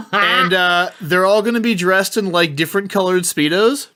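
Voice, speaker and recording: Guy on a comedy podcast, slightly high voice, wry and rambly, swears a lot. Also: measured pace, sharp tone. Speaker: podcast panelist. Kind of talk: comedic debate pitch.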